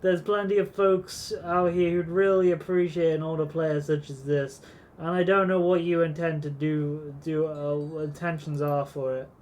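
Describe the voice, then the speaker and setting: A man gives voice to a grizzled old salvage trader in a video game, gruff but good-hearted. He talks slowly, stopping and restarting often. The voice sits slightly high. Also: flat delivery, darkish tone, slight background noise, close to an everyday voice. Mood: folksy. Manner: slow, halting delivery. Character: gruff but well-meaning old male junk trader.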